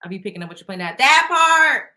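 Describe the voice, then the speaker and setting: A woman races through stories on her casual chat show, her fairly low, fairly bright voice showing little pitch movement. She's blunt and swears plenty, laughing frequently as she talks.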